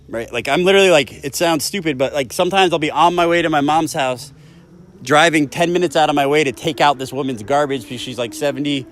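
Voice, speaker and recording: A man in his thirties giving a candid, emotional personal share at a recovery meeting, swearing often as he speaks. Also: medium pitch. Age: 30s. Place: meeting room.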